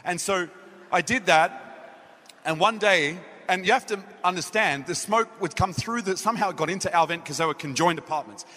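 A man's voice: high voice, fairly quick, sharp tone. A man with an Australian accent preaching a sermon in a meeting hall, telling a story and acting out his own lines. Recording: echoey hall.

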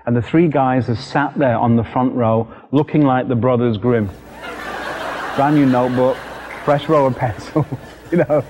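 A British man preaching a sermon as a lively storyteller, acting out the voices in his story. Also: medium pitch, normal speed, background noise. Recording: dull recording with long hall reverb.

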